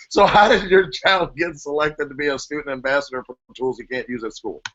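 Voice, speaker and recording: A man's voice: medium pitch, fairly even intonation, fast, few pauses, pushed and bright. A man moderating an online panel in a casual, chatty way, joking and laughing often. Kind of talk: casual video-call chat. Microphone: video call. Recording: dull lo-fi video call audio.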